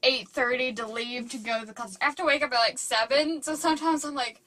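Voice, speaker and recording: A woman's voice: sits high, steady tone, fairly quick, heavy background noise. A young woman, a college student, co-hosting a podcast in casual chat, rambling and giggly with many "like"s and "um"s. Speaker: podcast co-host.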